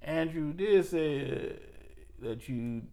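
A man's voice: on the high side, drawn-out words. A man who is a podcast guest, telling his stories casually and acting out the voices in them. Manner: animated storyteller, acts out voices in his stories. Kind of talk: casual storytelling.

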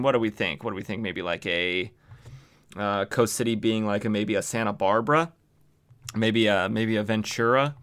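A man's voice: medium pitch, a bit bright. A man hosting a podcast, recapping a comic in a rambling, self-mocking way while he thinks aloud. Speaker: podcast host. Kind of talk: casual comic book recap.

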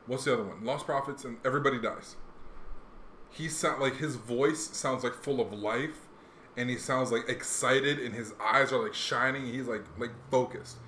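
A young man hosting a podcast, chatting casually in a rambling, animated way with lots of fillers. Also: medium pitch, moderate pace. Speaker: podcast host. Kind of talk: casual chat. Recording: echoey room, faint noise.

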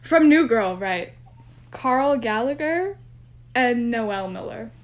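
Young female co-host, talkative and giggly, higher-pitched, casual home recording. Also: animated, takes it slowly. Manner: chatty, rambling, laughs often. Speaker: podcast co-host. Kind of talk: casual chat. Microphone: no microphone, phone or computer.

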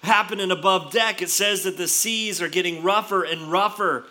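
High, very bright-voiced male pastor. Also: moderate pace. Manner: animated storytelling with frequent restarts. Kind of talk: sermon.

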